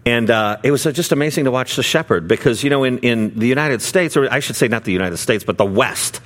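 A man's voice: medium pitch, fast, fairly bright tone. Man preaching in a loose, chatty way. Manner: conversational, many fillers and restarts. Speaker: pastor. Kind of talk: sermon with storytelling.

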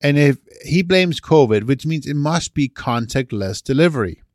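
A man's voice: medium pitch, animated, moderate pace, no echo, clean studio sound. A man co-hosting a podcast, reasoning aloud and often checking for agreement. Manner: questioning, seeks agreement with "right?". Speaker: podcast co-host. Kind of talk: casual chat.

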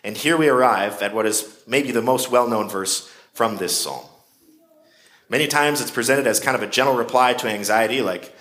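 A man's voice: mid-range voice, moderate pace, fairly bright tone. A man preaching a sermon in a conversational way, with shifting emphasis. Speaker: pastor.

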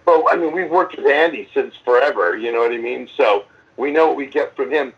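Middle-aged rock frontman, gravelly and rough, rambling and profane, muffled lo-fi call audio. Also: medium pitch, a little fast. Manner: rambling, profane, lots of restarts and acted-out quotes. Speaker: metal band frontman. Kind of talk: casual interview answers.

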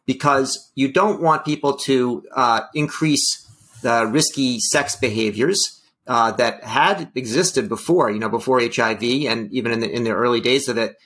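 A man's voice: mid-range voice, moderate pace, fairly bright tone. A man co-hosting a health policy talk show, speaking in a wry, hedging way with many fillers. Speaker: podcast co-host. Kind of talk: casual policy discussion.

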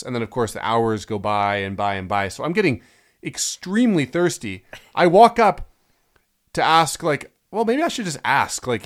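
Animated, sarcastic male podcast host. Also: medium pitch, moderate pace. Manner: animated storyteller, sarcastic, swears freely. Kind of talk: casual comedic chat.

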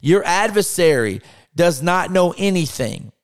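Male preacher, fairly high smooth voice, fervent sermon delivery with rhetorical questions. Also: sing-song, a little slow. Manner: impassioned, rhetorical questions, acts out scripture quotes. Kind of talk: podcast sermon.

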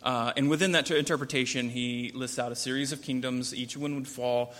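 Male Bible teacher, relaxed and conversational, with long reverb from the hall. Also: mid-range voice, fairly quick. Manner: conversational, with frequent fillers and restarts.

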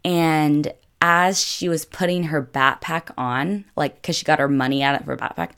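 A woman's voice: low-pitched, fairly even intonation, normal speed, fairly bright tone, clear, resonant tone. A young woman telling a travel story in a chatty vlog, filling her talk with constant "like". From United States. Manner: chatty, filler-heavy with constant "like". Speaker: vlogger. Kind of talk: casual storytelling.

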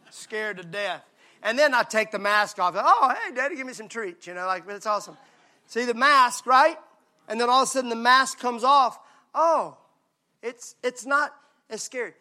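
Pastor guy, high bright tense voice, jokey lively sermon talk. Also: moderate pace. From Mississippi, USA. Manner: lively, joking, conversational preaching.

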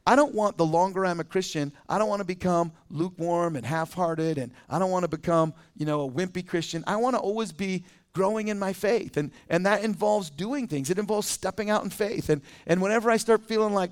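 A man preaching a sermon as teaching pastor in a conversational, animated way with quick asides. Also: high-pitched, clean tone. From United States.

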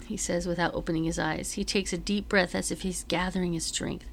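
Teacher lady reading a chapter book out loud, kinda gravelly, measured and dramatic. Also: fairly low pitch, little pitch movement. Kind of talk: reading a novel aloud.

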